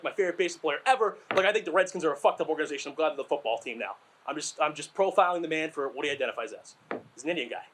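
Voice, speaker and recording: Slightly high and fairly bright, with a breathy edge, this young Massachusetts man's voice carries stand-up bits that wander, get crude, and mock himself. He's out of breath, and fillers and side comments pile up.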